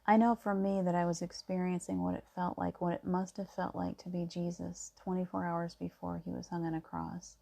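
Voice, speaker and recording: Soft-spoken, mellow woman reassuring viewers. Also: lowish voice, gravelly. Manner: soft-spoken, reassuring, storytelling with gentle emphasis. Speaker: spiritual vlogger. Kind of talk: casual spiritual monologue.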